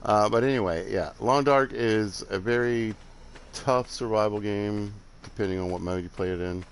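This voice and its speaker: Older Southern man with a low voice. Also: normal speed, a little hiss or hum. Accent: Southern US with some Midwestern. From Alabama, southern United States. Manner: rambling, laid-back, chuckling, drifts off while building. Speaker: game streamer. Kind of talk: casual chat while playing.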